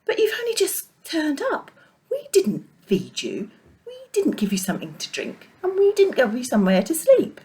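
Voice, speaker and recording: A woman voicing a friendly flock of welcoming sheep in a children's Bible story, in a high, chirpy, sing-song voice. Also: wildly swooping pitch, moderate pace, a little mellow. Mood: puzzled.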